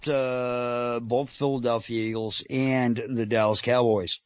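A man's voice: mid-range voice, little pitch movement, slow, hardly any pauses, lo-fi sound, soft background music. A man co-hosting a casual online talk radio show, loose and joking with lots of fillers. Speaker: co-host. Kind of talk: casual podcast chat.

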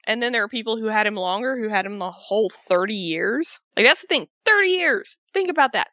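Woman gushing about wrestling, emotional, bright voice, kinda dull lo-fi mic. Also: fairly high pitch, a little fast, dry recording. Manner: emotional, animated, swearing. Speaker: wrestling podcast co-host. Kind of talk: casual fan chat. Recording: dull lo-fi sound.

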